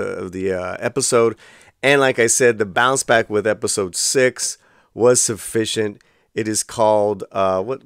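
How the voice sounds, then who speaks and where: A man giving a casual spoken review, talking with many fillers and restarts and growing animated when worked up. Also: fairly low pitch, creaky, clear, resonant tone, dry recording, studio quality.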